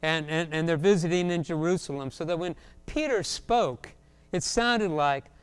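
Crisp-voiced preacher from South Florida. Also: male voice, a little high, moderate pace. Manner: humorous storytelling, acts out voices. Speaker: pastor. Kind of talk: sermon.

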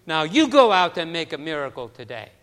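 A man's voice: very animated, brisk, clear, resonant tone, big-room sound. A man voicing a doting, insistent elderly woman neighbor who speaks with a strong accent and keeps calling a child "darling". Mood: coaxing, emphatic. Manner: emphatic, high and loud.

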